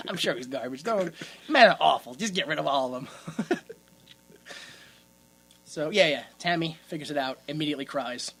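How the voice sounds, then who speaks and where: A woman's voice: low voice, animated, moderate pace, long pauses, breathy edge. A woman co-hosting a casual movie-riffing podcast, talking with exaggerated indignation, swearing and laughing often. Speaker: podcast co-host.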